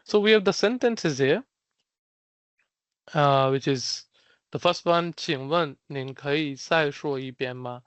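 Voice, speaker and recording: A man teaching Mandarin phrases in an online lesson, explaining each word slowly with many fillers and restarts. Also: fairly high pitch, smooth, no echo.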